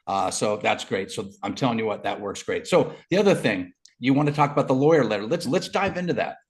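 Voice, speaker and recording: Mid-pitched male host, loose and halting. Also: big pitch swings. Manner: loose, halting, with fillers and restarts. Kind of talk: casual chat.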